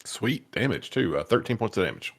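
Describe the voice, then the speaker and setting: A man playing a tabletop game, relaxed and thinking aloud as he plans his turns. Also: on the low side, a little fast, creaky, husky. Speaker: player. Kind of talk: casual tabletop game play.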